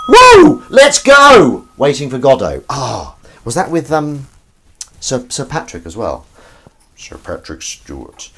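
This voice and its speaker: A man with a fairly low voice talks casually to his live-stream viewers while washing up, rambling and poking fun at himself. His pitch swings widely from one phrase to the next. Frying and sizzling from the kitchen sound clearly behind him. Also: noisy background. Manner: rambling, self-mocking, chatting to viewers. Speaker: livestream host washing up. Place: home kitchen at the sink. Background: frying and sizzling food, clinks.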